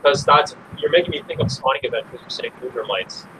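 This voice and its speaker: Hesitant man over clear road noise. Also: mid-range voice, fast talker. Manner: hesitant, full of fillers. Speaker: reef hobbyist, chat participant. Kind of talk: casual group call chat.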